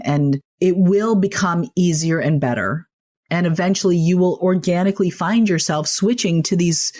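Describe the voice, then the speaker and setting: A woman's voice: deep voice, darkish tone. A woman speaking as a podcast guest and clinical social worker, talking in an earnest, reassuring, conversational way. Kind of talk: podcast interview.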